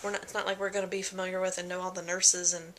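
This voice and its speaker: A woman's voice: on the low side, flat delivery, rapid-fire, fairly bright tone, slight background noise. A young woman talking casually in a pregnancy vlog, chatty and full of fillers, often acting out what people said. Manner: chatty, many fillers and quoted voices. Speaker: vlogger.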